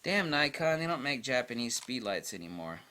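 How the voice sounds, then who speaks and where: A man rants bluntly into the camera, cursing freely and punching his points hard. His pitch swings widely between grumbles and outbursts, and his tone is bright and sharp. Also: sing-song, normal speed. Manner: blunt, profane, emphatic ranting. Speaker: photography channel host. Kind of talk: ranting vlog monologue.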